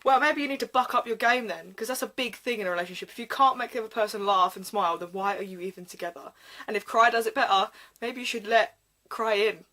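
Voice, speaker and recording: A woman's voice: on the high side, fast, pushed and bright. A young woman reading fan fiction aloud and breaking off with sarcastic, crude jokes. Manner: sarcastic, giggly, crude asides. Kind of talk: comedic reading with commentary.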